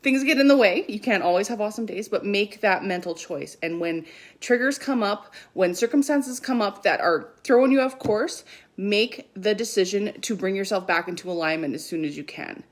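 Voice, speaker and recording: A woman's voice: medium pitch, normal speed. A woman in her thirties speaking as a spiritual coach on a livestream, earnest and emphatic, with casual swearing. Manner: animated when quoting her kids. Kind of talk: livestream talk.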